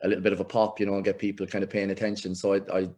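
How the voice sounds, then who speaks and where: A middle-aged Irish man, a football coach, telling lively anecdotes in a casual interview and acting out the voices he quotes. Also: low-pitched, racing. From Ireland. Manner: animated anecdotes, acts out quoted voices, laughs often. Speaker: football coach, podcast guest.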